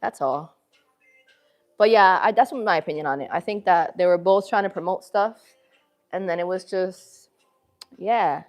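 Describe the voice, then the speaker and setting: A woman's voice: on the low side, measured pace, long pauses, soft background music. A woman hosting a casual livestream from a gym, with a northern city accent, talking to her viewers in a slangy, chatty way. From northern United States. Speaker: livestream host. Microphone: phone camera.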